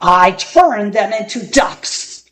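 A woman acts out a haughty old male magician in a storybook reading. He draws out every word in a slow, threatening growl. The voice rings in a roomy space with a faint hum behind it. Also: medium pitch, animated, a bit bright. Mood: gloating. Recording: echoey room, faint ambience.

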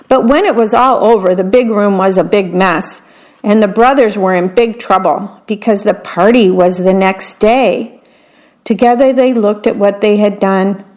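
A woman reads a picture book aloud at an unhurried pace. Her voice sits slightly high. Between the lines of the story she drops into an easy, chatty aside, describing the pictures. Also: a little mellow, low-quality recording. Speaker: storybook reader.

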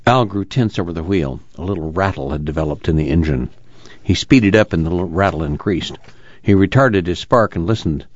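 Low-voiced male audiobook narrator. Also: brisk, dry recording. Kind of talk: scripted narration. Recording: dull lo-fi recording.

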